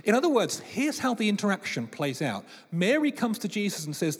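A man, preaching a sermon with lively storytelling and playful voices. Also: high voice, normal speed, few pauses. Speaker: pastor. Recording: long reverb of a large hall.

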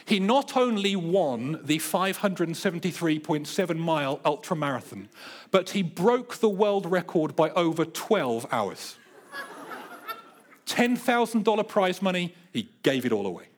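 Male pastor, middle-aged, fairly high voice; earnest sermon delivery with lively storytelling. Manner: earnest, building emphasis, playful storytelling.

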